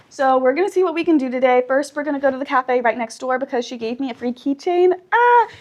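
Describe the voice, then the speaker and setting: High-voiced chatty woman vlogging. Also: dry recording. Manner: chatty, rambling, lots of "like", self-mocking. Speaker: travel vlogger. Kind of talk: casual vlog chat to camera.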